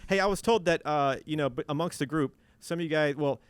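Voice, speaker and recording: A man's voice: a little high, brisk, clear, resonant tone. A man hosting a radio interview, chatting casually and laughing, asking long rambling questions. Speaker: radio host. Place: radio studio.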